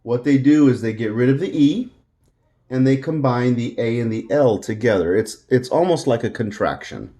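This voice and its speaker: A man teaching a Spanish grammar lesson in English, patiently repeating words slowly for practice. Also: medium pitch, lively intonation, mellow. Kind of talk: classroom-style language lesson.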